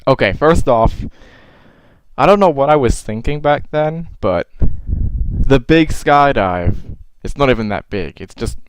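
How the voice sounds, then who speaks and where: A man's voice: mid-range voice, lively intonation, a little slow, smooth, rough recording. A young man casually commenting on his own old videos, self-mocking and swearing freely, with exasperated outbursts.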